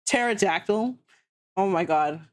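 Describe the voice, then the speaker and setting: A woman's voice: medium pitch, unhurried. A woman streaming, chatting casually and ranting with heavy swearing. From Canada. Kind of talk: casual chat.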